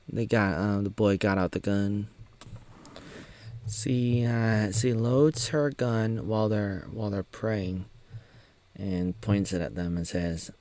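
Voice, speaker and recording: A man in his thirties from Oregon talks his way through a film in a loose, joking commentary. His voice sits a little low, and he speaks at an unhurried, drawn-out pace. Now and then he slips into sing-song asides. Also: steady tone, a little mellow. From Oregon, United States. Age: 30s. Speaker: video maker recapping a film. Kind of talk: casual movie commentary.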